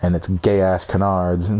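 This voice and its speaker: Young man, low and mellow, casual, foul-mouthed, self-deprecating gamer tour. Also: little pitch movement, very slow. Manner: rambling, swears freely, self-deprecating. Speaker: gamer showing off builds. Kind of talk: casual screen-recorded walkthrough.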